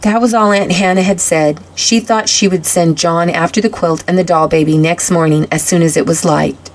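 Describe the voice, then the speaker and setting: A woman narrating a children's storybook in a steady, expressive reading voice. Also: fairly low pitch, normal speed. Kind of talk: read-aloud storybook narration.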